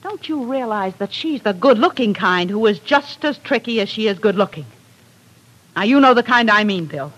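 A woman's voice: mid-range voice, animated, normal speed, a bit bright, muffled recording. An actress playing a cold, manipulative female kidnapper, in 1940s radio acting. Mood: scheming. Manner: cool, manipulative.

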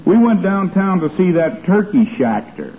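A stammering young clerk. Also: male voice, high voice, lively intonation, moderate pace, a little hiss or hum. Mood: bashful. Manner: stammering, hesitant. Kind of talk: 1940s radio comedy acting. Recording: tinny old radio broadcast before a studio audience.

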